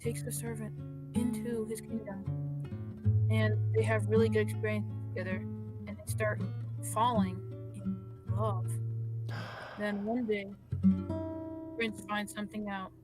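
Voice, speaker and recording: Rambling woman, loud guitar behind. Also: medium pitch, level tone, unhurried, long pauses. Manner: rambling, with frequent restarts and asides. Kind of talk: improvised storytelling in casual chat. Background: guitar music.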